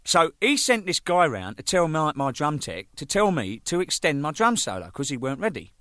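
Animated man telling stories. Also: fairly high pitch, moderate pace, no room sound. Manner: animated, swears freely, laughs at own jokes. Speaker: band drummer. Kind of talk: anecdotal storytelling.

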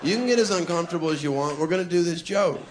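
A male stand-up comedian performing a routine, full of provocative setups and deadpan asides, chuckling at his own lines. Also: on the high side, racing, background noise.

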